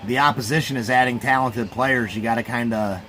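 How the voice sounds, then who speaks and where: A man's voice: medium pitch, steady tone, a little fast, fairly bright tone, slight background noise. A man hosting a live stream, giving casual, rambling sports reaction commentary to his chat. He sounds sleepy and keeps yawning. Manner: laid-back, rambling, talks to his chat.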